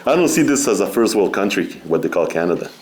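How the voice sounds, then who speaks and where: A middle-aged man speaking as a guest at a seminar, relaxed and conversational, often saying "you know" and laughing between points. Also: sits low, fast talker. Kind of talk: informal spiritual talk.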